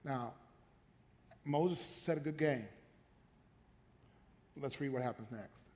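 A man pastor preaching an animated, emphatic sermon in a church sanctuary, mixing jokes and repetition. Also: medium pitch, takes it slowly. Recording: long hall reverb.

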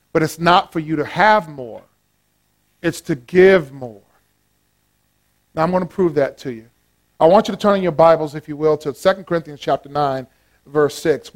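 A high-pitched male pastor delivering a lively sermon. He swings between loud, excited exclamations and quiet asides, and he jokes with the congregation as he goes. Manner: playful, joking with the congregation.

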